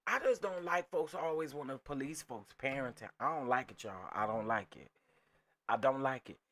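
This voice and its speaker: Male host, mid-pitched, doing emphatic casual reaction commentary. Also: moderate pace, a bit bright. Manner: emphatic, repeats phrases, talks straight to viewers as "y'all".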